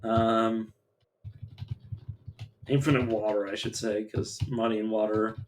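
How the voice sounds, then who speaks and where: Slow-talking, rambling male streamer. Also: fairly low pitch, flat delivery, a little hiss or hum. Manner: rambling, profane, self-interrupting. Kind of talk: casual live-stream gameplay chat.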